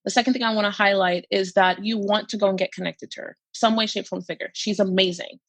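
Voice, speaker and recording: A woman's voice: medium pitch, steady tone, fast talker, fairly bright tone, no echo. Gushing, emphatic woman podcast host. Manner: gushing, emphatic, repeats phrases. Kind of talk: casual podcast chat.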